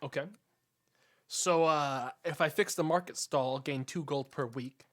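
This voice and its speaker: A man's voice: on the high side, measured pace. A male streamer giving profane, joking, rambling commentary while playing a game. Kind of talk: gameplay commentary.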